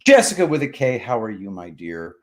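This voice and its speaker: Animated male live streamer. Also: lowish voice, fairly quick. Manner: animated, joking, swings from loud bursts to mumbled asides. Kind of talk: casual live stream chat reading comments.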